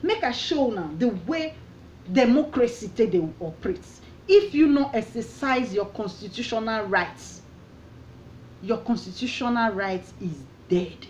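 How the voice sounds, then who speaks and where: A woman's voice: on the high side, animated, unhurried, a little mellow, a little hiss or hum, low-quality recording. Passionate Nigerian woman ranting. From Edo State, Nigeria. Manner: passionate, preachy, repeating questions. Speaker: vlogger. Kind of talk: opinion rant.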